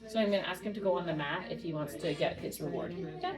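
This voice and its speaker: A woman dog trainer at home, calmly and patiently talking through a training session and softly praising the dog. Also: fairly low pitch, quick pace, loud music behind the voice, poor audio. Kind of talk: hands-on training demonstration. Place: home living room.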